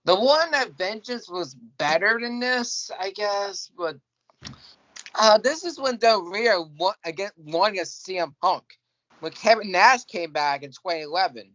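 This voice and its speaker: A man's voice: sits high, unhurried. A man on a podcast panel, rambling in casual chat. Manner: rambling, laughing, lively. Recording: dry dull lo-fi audio.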